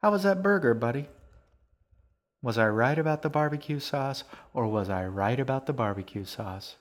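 A man's voice: mid-range voice, animated, normal speed, lightly acted. A man reading aloud, voicing a friendly, self-assured young woman who teases two kids.

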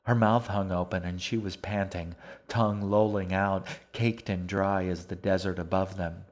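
A man narrating a dark fantasy audiobook in a measured, even manner. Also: low voice. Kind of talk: scripted narration.

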